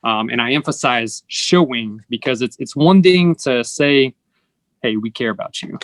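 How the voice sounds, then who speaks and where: A man's voice: mid-range voice, normal speed, fairly bright tone, no echo. A man hosting an interview, explaining earnestly and acting out the lines people say. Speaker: host. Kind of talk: casual conversational interview.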